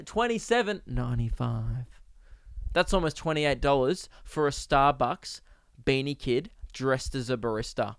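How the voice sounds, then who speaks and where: A young Australian man hosting a podcast, ranting comically and exasperatedly, jumping into sudden high-pitched outbursts. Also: lively intonation, a little slow, smooth, no room sound, studio quality. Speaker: podcast host. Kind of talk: comedic rant.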